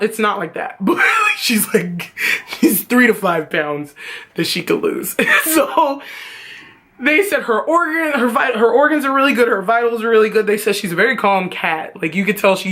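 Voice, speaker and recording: A woman vlogger telling a casual storytime, animated and profane, often laughing. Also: mid-range voice.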